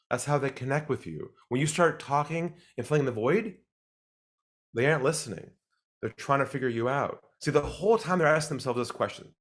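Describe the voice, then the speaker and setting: A sales expert with a slightly high voice answers interview questions calmly and deliberately. When quoting others, he acts them out.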